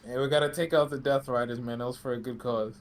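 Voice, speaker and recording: Male podcast co-host, mid-pitched, sarcastic profane ranter. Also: steady tone, fast talker. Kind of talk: casual wrestling podcast chat.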